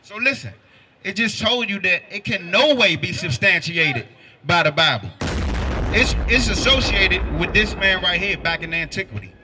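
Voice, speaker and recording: A man's voice: sits high, animated, moderate pace, background noise. A man preaching on a city street, firing pointed questions at passersby. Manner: forceful, quizzes listeners with pointed questions.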